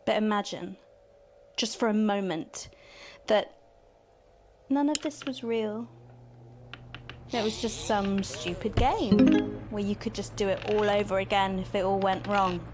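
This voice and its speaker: An actress playing a sly, mocking female TV host who tempts the player toward bad choices, in a video game. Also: mid-range voice. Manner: teasing, mocking, purring. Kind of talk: video game live-action acting.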